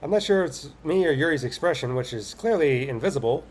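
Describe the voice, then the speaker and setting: A man's voice: a little high, animated, brisk, a little mellow, slight background noise. A man hosting a game playthrough, reading the story aloud and joking casually between scenes. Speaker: let's play host.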